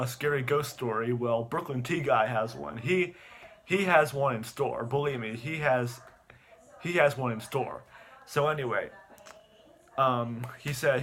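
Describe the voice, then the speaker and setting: A young man retells a story with lots of stammers and repeated words, mid-pitched and chatty. He jumps between narrating and acting out bits. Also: fairly bright tone, slight background noise. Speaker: online video host. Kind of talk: animated plot recap.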